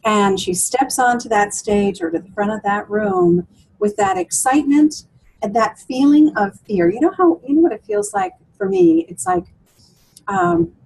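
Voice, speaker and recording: A woman's voice: high voice, big pitch swings, moderate pace, vocal fry, a little mellow, low-quality recording. A woman coach for women, talking through client stories in an interview with many fillers and restarts. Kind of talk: interview conversation.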